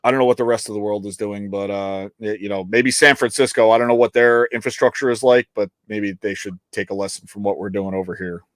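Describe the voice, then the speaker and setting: A man's voice: lowish voice, steady tone, quick pace, hardly any pauses, no room sound. Dry-voiced man rambling on a live show. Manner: rambling, joking and swearing, with frequent restarts. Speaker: co-host and producer of a live outdoors show. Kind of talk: casual live-stream chat. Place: New York.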